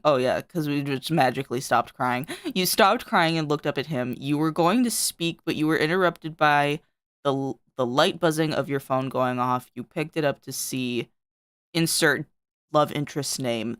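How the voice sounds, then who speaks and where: A woman's voice: low voice, moderate pace, smooth, no echo, clean studio sound. A woman streamer reading her old fan fiction aloud to friends, breaking off to swear and comment.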